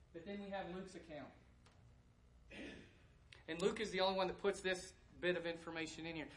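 Man preaching in an echoey room. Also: high voice. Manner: moves between loud proclamation and soft, hushed intimacy. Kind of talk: sermon. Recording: echoey room with faint background ambience.

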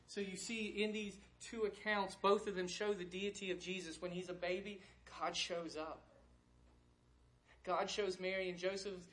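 A man's voice: sits high, little pitch movement, moderate pace. Man preaching in an echoey room. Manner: moves between loud proclamation and soft, hushed intimacy. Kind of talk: sermon. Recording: echoey room with faint background ambience.

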